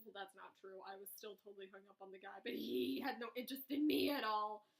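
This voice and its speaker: A young woman vlogger telling a story in casual chat, dramatic and chatty, jumping between loud outbursts and soft asides. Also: mid-range voice, steady tone, fast talker, vocal fry.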